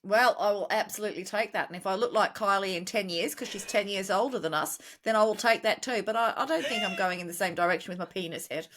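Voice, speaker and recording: A woman in her forties co-hosting a podcast in casual, emphatic chat. She laughs easily and talks in an even, mid-range voice. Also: medium pitch. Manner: chatty, emphatic, quick to laugh. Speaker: podcast co-host.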